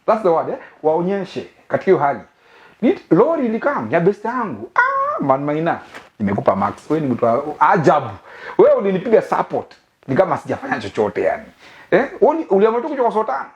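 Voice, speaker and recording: Lively Kenyan man, comic rant. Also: sits high, quick pace, highs cut off. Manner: animated, laughing, mixes English and Swahili slang. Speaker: host. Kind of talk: comic monologue. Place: living room of a new house.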